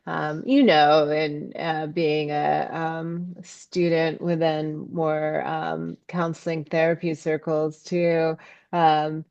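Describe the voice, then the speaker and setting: A woman guest on a podcast interview, speaking thoughtfully and haltingly with many ums, livening up when she voices her own inner thoughts. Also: sits low, level tone, a little mellow, no echo, highs cut off. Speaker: guest, ecopsychology scholar and author. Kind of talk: reflective podcast interview talk.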